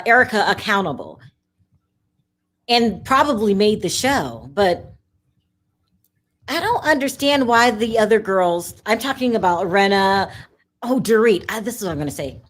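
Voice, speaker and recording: A woman's voice: mid-range voice, expressive, a little slow, fairly bright tone. A woman in a casual chat, blunt and teasing.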